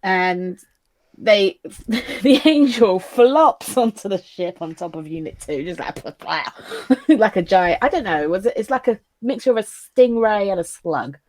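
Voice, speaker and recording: A woman's voice: medium pitch, animated, unhurried. A woman co-hosting a casual anime review. She recaps the plot with a giggle and many fillers. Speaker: co-host.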